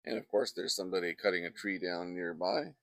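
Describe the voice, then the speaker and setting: Gravelly low-voiced man teaching painting. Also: fairly even intonation, brisk, a bit bright, no echo, clean studio sound. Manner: chatty, wandering off into asides. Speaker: painting instructor. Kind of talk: casual painting demonstration. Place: outdoors in a backyard. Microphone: close microphone.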